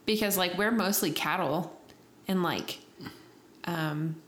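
A woman's voice: on the low side, slow. A young woman from Texas with a light Texan accent, chatting casually and laughing easily. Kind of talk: casual chat.

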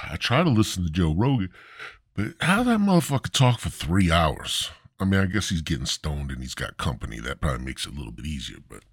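A man's voice: deep voice, sing-song, fairly quick, fairly bright tone, slightly rough, no room sound, clean studio sound. A man hosting a podcast, ranting crudely and rambling in a stand-up style. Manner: profane, rambling, swooping delivery. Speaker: podcast host.

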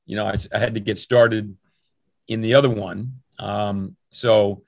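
A man's voice: on the low side, fairly even intonation, measured pace, creaky, dry recording. An older man, a longtime swim coach, recalling his youth in a rambling, anecdotal interview. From New Jersey, USA. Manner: rambling and anecdotal, with restarts and chuckles. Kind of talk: relaxed interview storytelling.

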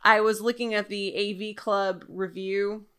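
Bright-voiced chatty woman co-host. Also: medium pitch, measured pace, smooth. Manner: chatty, animated, laughs often. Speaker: podcast co-host. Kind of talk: casual chat.

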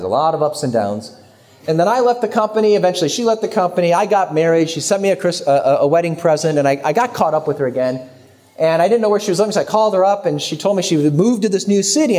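A middle-aged man telling a story and speaking to a young audience in a faith talk, lively in how he voices the people in it. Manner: animated storytelling, raising pitch when quoting others.

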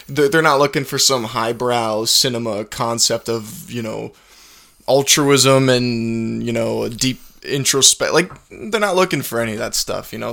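A man's voice: medium pitch, creaky, a bit bright. A young man guesting on a podcast, telling stories casually with lots of fillers and easy laughs. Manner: storytelling, laughs easily, fillers and swearing. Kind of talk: casual chat.

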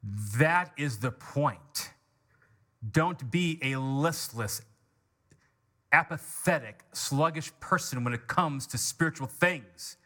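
A man preaching a sermon as pastor, emphatic and climbing in pitch on key words. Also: animated, slow, a bit bright.

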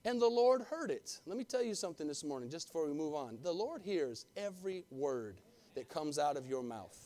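A man's voice: fairly high pitch, big pitch swings, fairly quick, warm tone. A male pastor preaching a fervent sermon, calling for amens and talking straight to his congregation. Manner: fervent, calls for amens, talks directly to the congregation.

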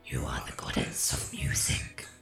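A woman voicing a cold, detached inhuman entity in a flat, eerie whisper for a tabletop game. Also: unhurried, soft background music, close to an everyday voice.

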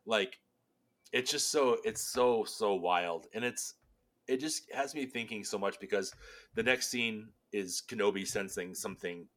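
A man's voice: fairly low pitch, a little slow, a bit bright. A man co-hosting a casual fan discussion, thinking aloud with many restarts and rambling questions. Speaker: podcast co-host.

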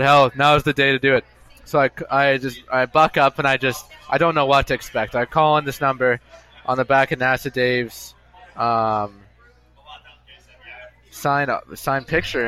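A man's voice: mid-range voice, sharp tone. A man hosting a casual podcast, rambling and amusing himself while he tells a long story on his own. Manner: chatty, self-amused, repetitive storytelling. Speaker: podcast host. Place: bar.

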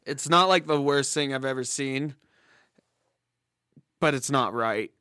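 A man's voice: mid-range voice, measured pace, pushed and bright, clear, resonant tone, dry recording, studio quality. A man co-hosting a podcast, chatting casually through a movie commentary, joking and often laughing. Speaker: podcast co-host.

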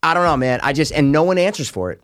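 A man co-hosting a podcast, chatting casually and ranting loudly with plenty of swearing. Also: on the high side, quick pace. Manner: loud, swearing, animated ranting. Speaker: podcast co-host.

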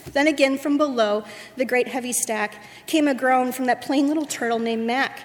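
A woman leading a worship service, reading a rhyming story aloud in a rhythmic, expressive way. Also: high voice, moderate pace, few pauses. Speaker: worship leader. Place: church sanctuary. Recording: echoey sanctuary.

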